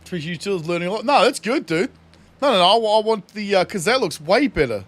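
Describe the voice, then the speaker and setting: Young male streamer: high, animated, chatty, laughs and swears; soft game music under. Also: fast talker. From New Zealand. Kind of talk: casual gameplay livestream commentary.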